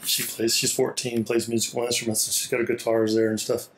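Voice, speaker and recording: A pastor with a Hawaii accent gives a chatty walking tour of his small church indoors, recording on a laptop he carries. Slightly out of breath and laughing often, he speaks a little fast in a mid-range voice with little pitch movement.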